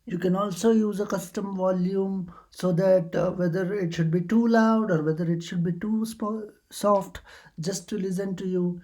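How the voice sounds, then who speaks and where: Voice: medium pitch, fairly even intonation, normal speed, mellow. A tutorial host casually walking through computer settings, hesitant and full of uh fillers and restarts. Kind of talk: casual screen-recording walkthrough.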